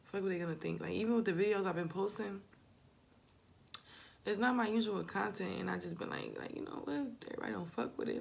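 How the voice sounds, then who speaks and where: A woman's voice: mid-range voice, fairly quick, vocal fry, pauses often. A woman, talking through a casual, rambling confessional monologue, swearing freely. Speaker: spiritual vlogger.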